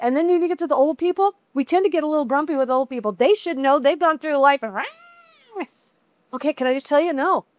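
A chatty middle-aged woman leading a women's Bible study, talking to the group like friends. Her voice sits high, and the recording is dry and close with no room sound. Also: no echo. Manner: chatty, conversational, animated asides.

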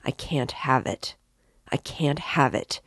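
A woman's voice: sits low, unhurried, a little mellow, no room sound, clean studio sound. A woman voicing a feverish, irritable young man who speaks in a broken voice.

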